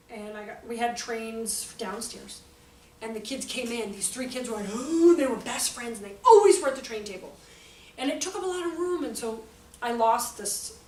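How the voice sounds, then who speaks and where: A woman with a high voice talks to a room of teachers, chatty and quick to joke at her own expense. She sounds far from the mic, with a roomy echo and a faint hiss of background noise. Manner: chatty, joking, self-mocking, lively storytelling. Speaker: workshop presenter for teachers. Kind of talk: informal teaching talk.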